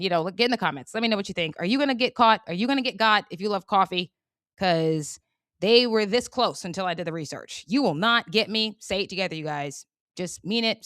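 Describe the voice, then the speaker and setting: A woman hosting her own channel, talking through a casual commentary monologue in an animated, emphatic and colloquial way. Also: mid-range voice, dry recording, studio quality. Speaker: channel host.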